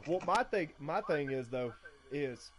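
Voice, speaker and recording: A man and father chatting casually on a podcast, telling animated stories and laughing often. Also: a little high, a little slow. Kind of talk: casual chat. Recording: noisy home recording.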